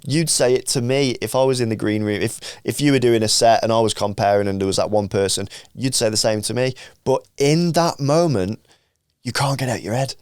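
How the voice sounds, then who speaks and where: A man's voice: medium pitch, fairly quick, a little mellow, smooth, no echo, studio quality. A man, hosting a podcast and sharing gig stories in a laid-back, rambling way. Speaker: podcast host and comedian. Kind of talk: casual podcast chat.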